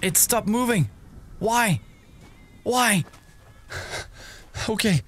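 Here a young male streamer commentates a horror playthrough in a high, fairly bright voice that's very animated yet slow, broken by frequent pauses. Easily startled, he yelps and gasps at scares and keeps up a running conversation with himself.

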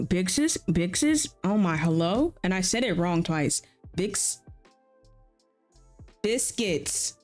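A woman with a lowish, darkish voice streams a farming game, chatting playfully, reacting out loud and answering her viewers as she plays in a casual live-stream.

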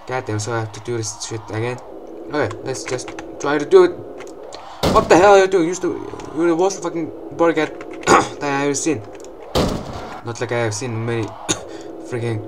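A young man giving excitable gameplay commentary, swearing often and breaking into loud outbursts and laughs. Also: medium pitch, moderate pace, background noise.

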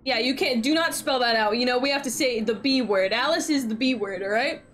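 Playful woman streamer, high voice. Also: fairly quick, fairly bright tone, faint music behind. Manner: playful, mock-dramatic, laughing often. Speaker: streamer host. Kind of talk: casual stream chat with a guest.

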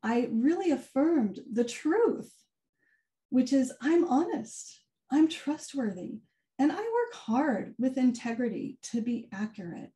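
A woman giving a keynote talk, telling a personal story in an animated way and acting out the quoted dialogue. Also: high voice, slow. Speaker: keynote speaker. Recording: far from the mic, some echo.

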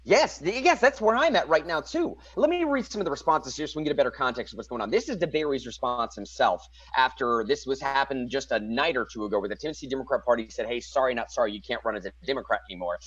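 A man co-hosting an online political talk show, casually excitable and slangy, reading news and listener messages aloud. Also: medium pitch, fast, few pauses, slightly rough, no echo, muffled recording. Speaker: podcast co-host.

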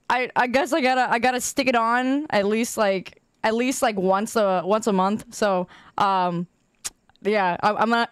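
A woman's voice: fairly high pitch, smooth, dry recording, clean studio sound. A woman game streamer chatting casually with her viewers, goofy and rambling, poking fun at herself and laughing often. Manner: goofy, rambling, self-mocking.

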